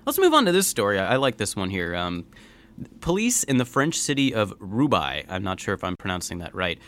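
A man co-hosting a relaxed podcast, reading news items aloud and cracking jokes between them. His voice moves up and down a lot as he talks. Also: fairly low pitch, fairly quick. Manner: joking, reads news stories aloud. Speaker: podcast co-host. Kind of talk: casual news chat.

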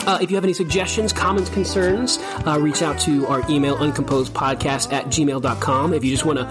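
A man's voice: a little high, fairly even intonation, brisk, music in the background. A man co-hosting a podcast who narrates and jokes in a playful, goofy way. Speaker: podcast co-host. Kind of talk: casual comedic podcast chat.

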